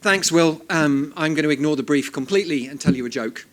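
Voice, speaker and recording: A middle-aged man with a somewhat higher voice gives an after-dinner talk at an event. His humor is dry and self-deprecating. He speaks into a handheld microphone in front of the audience. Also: a little fast. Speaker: invited speaker. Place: event hall before an audience.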